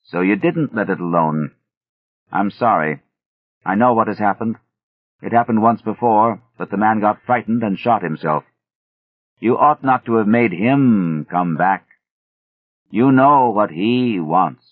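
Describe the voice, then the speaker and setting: A man's voice: lowish voice, animated, unhurried, pauses often, no room sound. A man voicing a grave, bearded older villager who speaks steadily and bluntly. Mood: earnest. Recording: thin phone-like audio.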